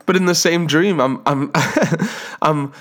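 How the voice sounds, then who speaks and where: A man preaching a sermon, reading scripture aloud and praying earnestly, slowing down to stress words. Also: a little high, fairly bright tone.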